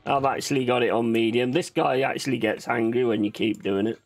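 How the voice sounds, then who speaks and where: A man's voice: mid-range voice, steady tone, a little fast, soft background music. A man hosting his own gaming channel, chatting casually and swearing freely as he plays. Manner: chatty, sweary, laughs easily. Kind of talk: casual gameplay commentary.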